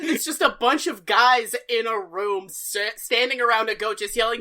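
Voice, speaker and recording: Sardonic bright-voiced podcast co-host. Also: male voice, extremely high pitch. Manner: sardonic, swearing, quick laughs. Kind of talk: casual comedic chat.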